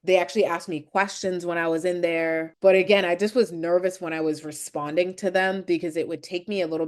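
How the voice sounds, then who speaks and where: An American woman hosting a solo podcast, talking candidly and thoughtfully about feeling self-conscious. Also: lowish voice. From United States. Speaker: podcast host. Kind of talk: reflective solo podcast talk.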